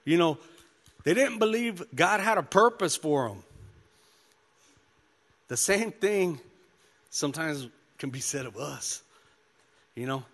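A man's voice: on the high side, expressive, unhurried, long pauses. Man preaching casually in a reverberant hall. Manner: casual preaching with personal testimony, many "you know" and "man" fillers. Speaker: pastor. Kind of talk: sermon.

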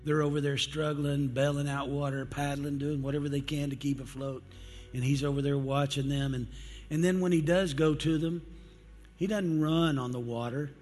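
Preacher man in a reverberant hall. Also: a little high. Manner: emphatic, with dramatic pauses and slowed quotes. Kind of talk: evening sermon. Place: church sanctuary. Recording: long hall reverb with faint music.

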